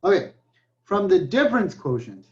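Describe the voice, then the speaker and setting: With a high-pitched, sing-song voice at a moderate pace, a man teaches a recorded math class, peppering it with jokes and frequent "okay"s. The highs are cut off in the audio.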